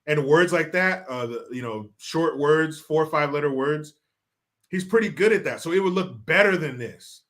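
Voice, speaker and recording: A man's voice: on the high side, expressive, normal speed, a bit bright. A man hosting a casual political talk show, exasperated and mocking, swearing freely as he reacts. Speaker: show host. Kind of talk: profane casual political commentary.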